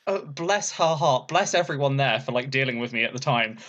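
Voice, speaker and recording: A young man, a burlesque performer, chatting casually as a podcast guest and telling a story, laughing often and acting out quotes in a higher voice. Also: animated, a little fast, fairly bright tone, lo-fi sound.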